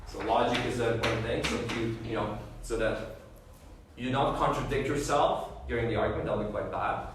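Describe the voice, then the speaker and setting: A man's voice: medium pitch, brisk. A man giving a classroom lecture on debate judging, often checking in with "okay?" and "right?". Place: lecture room. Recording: echoey room, voice far from the mic, faint background noise.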